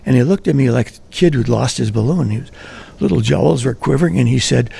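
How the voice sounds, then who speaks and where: A man telling a funny personal story live with wry, deadpan delivery. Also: medium pitch, brisk, vocal fry, breathy edge. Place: live event at a writers' center.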